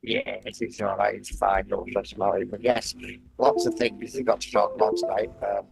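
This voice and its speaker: A man's voice: on the low side, flat delivery, normal speed, gravelly, over music, poor audio. A man joining a livestream by video call, chatting casually with a dry, teasing manner. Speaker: guest on call. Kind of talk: casual chat over a call.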